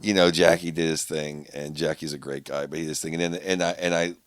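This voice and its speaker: A man's voice: very deep voice, little pitch movement, quick pace, dry recording. A man who is a comedian, guesting on a podcast, talking in a rambling, repetitive way and jumping into quoted voices. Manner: rambling, repeats himself, jumps to quoted voices. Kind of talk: casual podcast chat.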